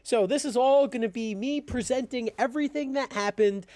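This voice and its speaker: A young man ranting in a commentary vlog, blunt, profane and animated. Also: very high voice, normal speed, dry recording. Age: young adult. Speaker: YouTuber.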